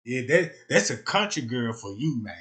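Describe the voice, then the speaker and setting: A man streaming live, riffing in a rambling comedic rant that swings between loud outbursts and low mutters, checking in with his listeners again and again. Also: big pitch swings, moderate pace. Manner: rambling, keeps asking "you know what I'm talking about".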